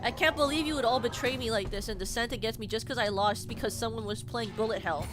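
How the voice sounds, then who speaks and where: A young woman streaming a game, commenting excitably with loud yelps and panicked repeats. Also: a little high, fast talker, noisy background. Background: game music.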